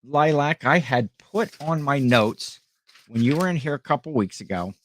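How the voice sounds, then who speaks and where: A man's voice: medium pitch, expressive, normal speed, a bit bright. Rambling middle-aged man hosting a live stream. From Ohio. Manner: rambling, greets viewers by name. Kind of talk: casual live-stream chat.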